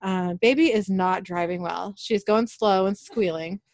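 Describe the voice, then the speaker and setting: A woman's voice: medium pitch, unhurried, dry recording, studio quality. A woman recapping a TV episode in casual talk, reading out the characters' lines in her own voice. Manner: animated retelling, quoting characters in her own voice. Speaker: podcast host recapping an episode.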